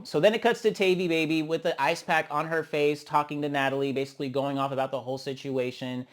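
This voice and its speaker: A man's voice: medium pitch, a bit bright. A man giving a casual, sassy review of a reality TV episode, blunt and profane, with dramatic reactions and calling people honey and child. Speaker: reality TV recap host.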